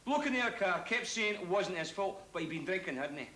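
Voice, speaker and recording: An actor playing a weary male police officer, telling of a crash in a halting, subdued way, with pauses. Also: sits high, expressive, bright, forceful tone. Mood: haunted. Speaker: police officer in a public information ad. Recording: hissy old VHS tape.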